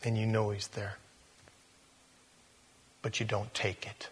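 A man preaching a sermon in a conversational way, growing animated as he reads scripture aloud. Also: fairly low pitch, takes it slowly, breathy edge, long reverb tail.

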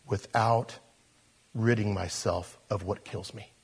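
Male pastor, husky voice, animated sermon delivery, loud-to-soft swings. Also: fairly low pitch, takes it slowly.

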